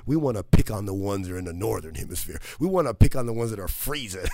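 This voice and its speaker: A man's voice: lowish voice, lively intonation, fast, a little mellow. A man hosting a motivational radio show, talking in a folksy, upbeat way and joking with listeners from a studio. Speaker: radio host.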